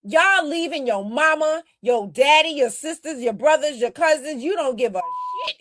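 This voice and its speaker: A woman's voice: sits high, animated, normal speed, a bit bright, no echo. Blunt, heated woman commentator. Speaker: commentary host. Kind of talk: casual commentary.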